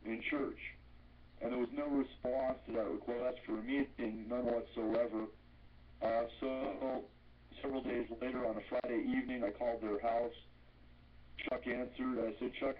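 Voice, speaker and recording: A man with a mid-pitched voice recounts a personal story as a radio guest. He speaks calmly and deliberately. The audio is muffled, with a faint hiss underneath.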